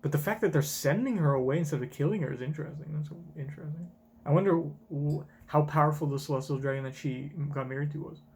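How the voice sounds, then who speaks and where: A man's voice: fairly high pitch, quick pace, a little hiss or hum. A man reacting live to a manga chapter as a streamer, blunt and swearing often.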